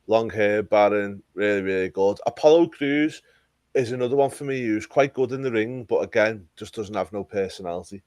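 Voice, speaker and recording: A man's voice: on the low side, moderate pace, a little mellow, dry recording. A man co-hosting a casual wrestling review podcast, enthusiastic and rambling, repeating words for emphasis. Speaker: podcast co-host.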